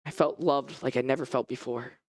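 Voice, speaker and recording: An earnest young man, newly healed and quietly moved, as a man puts him on in a sermon. He speaks softly and haltingly, with a dry, close sound. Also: mid-range voice, steady tone, no room sound, voice pushed down, close to an everyday voice. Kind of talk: first-person sermon.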